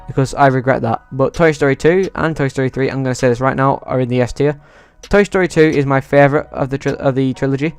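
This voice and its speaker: Dude ranting excitedly about movies, smooth clean voice, a bit of music under it. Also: male voice, medium pitch. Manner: excitable, swears freely. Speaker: YouTuber. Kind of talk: casual movie ranking vlog.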